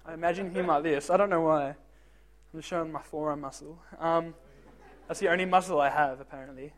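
A man's voice: fairly high pitch, fairly even intonation, a little fast. A young man giving a casual youth group talk, joking and self-deprecating, asking the teens direct questions. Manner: talks straight to the teens with questions.

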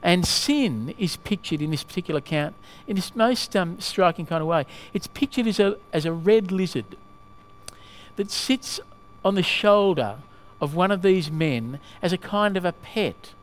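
High-voiced preacher, halting, asking questions. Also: male voice, lively intonation. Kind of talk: sermon.

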